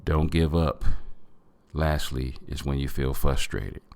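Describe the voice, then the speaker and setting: Very deep-voiced man giving a motivational talk. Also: takes it slowly, creaky, darkish tone, no room sound. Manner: earnest, preachy, addresses listeners as family. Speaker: podcast host.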